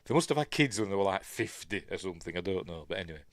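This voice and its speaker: A man's voice: sits low, lively intonation, racing, no echo, clean studio sound. Rambling Yorkshire man reviewing a film. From Yorkshire, England. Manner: rambling, muttering asides to himself. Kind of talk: casual film review commentary.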